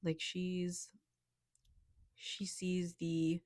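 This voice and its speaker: A young woman talking softly and haltingly in a personal vlog, tearful and emotional, with many fillers. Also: on the low side, completely flat delivery, no room sound, studio quality. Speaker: vlogger.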